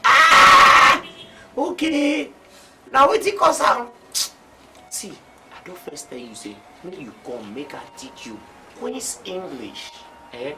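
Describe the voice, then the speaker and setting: A man's voice: mid-range voice, expressive, moderate pace, far from the mic, noisy background, natural voice. An actor playing a teasing co-worker who coaxes his friend, speaking with a Nigerian Pidgin accent.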